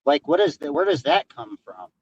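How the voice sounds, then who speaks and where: A man's voice: fairly high pitch, big pitch swings, normal speed, creaky, muffled recording. A man in a livestream debate, hesitantly questioning and arguing back. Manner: questioning, confused, hesitant restarts. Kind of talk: heated argument on a livestream.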